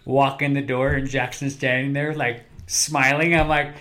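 Easygoing guy, mid-pitched voice. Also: flat delivery, normal speed, pushed and bright. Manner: easygoing, laughs while talking, lots of "like". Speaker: podcast co-host. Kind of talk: casual chat.

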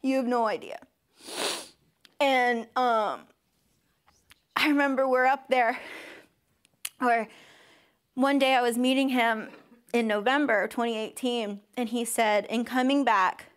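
A young woman with a fairly high voice gives a personal testimony to a church congregation. She is openly emotional and close to tears at times. She acts out the people she quotes with sudden high jumps in pitch. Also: steady tone, measured pace, pauses often, clear, resonant tone. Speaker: speaker at a church service.

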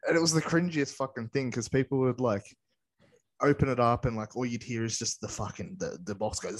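A man's voice: mid-range voice, fairly quick. A man, co-hosting a casual podcast with crude, laughing storytelling. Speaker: podcast co-host. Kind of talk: casual chat.

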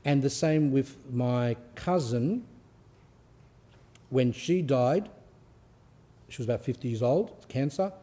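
A man's voice: medium pitch, animated, takes it slowly, long pauses, mellow. A male Orthodox priest giving an informal spiritual talk. He speaks conversationally, with anecdotes and frequent fillers, and reads passages aloud with rising emphasis.

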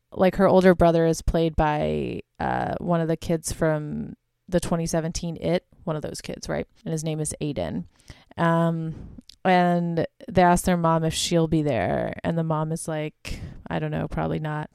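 Young woman, podcast host, chatty recap, lots of fillers, lowish voice, smooth, dry close sound. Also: darkish tone, no echo. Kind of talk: casual movie recap.

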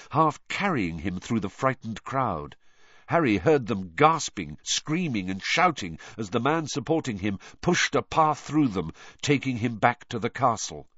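A man narrating a novel as an audiobook, reading with expressive, dramatic storytelling. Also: medium pitch, no room sound, muffled recording.

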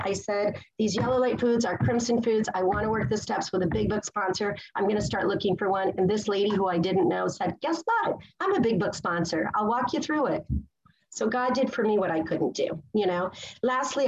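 Excitable woman sharing her recovery story. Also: mid-range voice, muffled recording. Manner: excitable, gushing, pausing to search for words. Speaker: speaker sharing at a recovery meeting. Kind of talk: personal testimony share.

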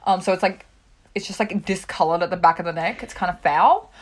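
A young woman co-hosting a podcast, chatting casually and rambling, with lots of "like" and swearing. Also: lowish voice. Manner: rapid, rambling, full of "like" and swearing. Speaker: podcast co-host. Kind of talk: casual chat.

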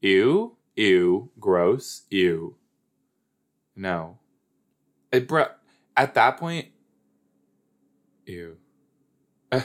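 A man's voice: deep voice, very animated, drawn-out words, pauses often. A man hosting a casual watch-along podcast, talking playfully to his listeners. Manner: playful, giggly, talks to listeners as "you guys". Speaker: podcast host.

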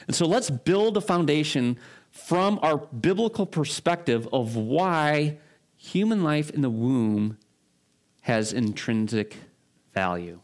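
Brief: male pastor, conversational sermon delivery, slightly high voice, casual and rambling. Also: animated, takes it slowly. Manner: informal, frequent fillers and restarts, rhetorical check-ins.

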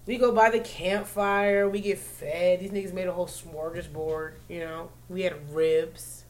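Loud, profane woman telling a story. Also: lowish voice, measured pace. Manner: animated, profane, swings into loud laughing bursts. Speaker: podcast co-host telling a story. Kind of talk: casual storytelling chat.

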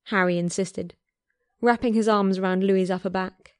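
A woman calmly reading a romance story aloud in a measured voice. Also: medium pitch, dry recording, clean studio sound. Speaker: fan fiction reader.

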